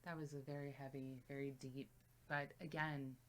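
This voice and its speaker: A woman's voice: very deep voice, level tone, normal speed, slight background noise. A woman co-hosting a music reaction video in casual chat, thoughtful and reflective as she talks. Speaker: reaction channel co-host.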